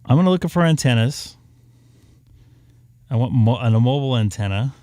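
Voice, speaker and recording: Rambling, mellow-voiced man thinking aloud. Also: mid-range voice, expressive, moderate pace, dry recording. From southern California. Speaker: ham radio live streamer. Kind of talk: casual live-stream chat. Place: home room upstairs.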